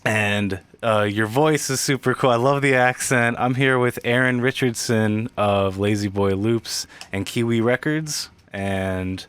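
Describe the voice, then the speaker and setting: American man, podcast host, smooth clear voice, dry close sound, eager, cusses a lot. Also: medium pitch, a little slow, hardly any pauses, fairly bright tone, no echo. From United States. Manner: enthusiastic, swears freely, many fillers. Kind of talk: casual chat.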